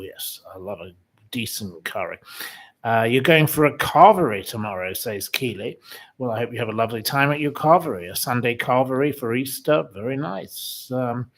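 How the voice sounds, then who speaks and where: Chatty rambling man hosting a livestream. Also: mid-range voice. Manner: chatty and rambling, with many fillers and flamboyant asides. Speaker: livestream host. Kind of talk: casual chat reading viewer comments. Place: room in a house.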